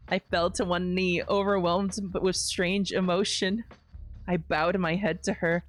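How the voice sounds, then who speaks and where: A young adult woman streamer reading narration from a game aloud in a steady, lowish voice. Between passages she breaks into loud, laughing, swearing reactions, with faint game music underneath. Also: measured pace.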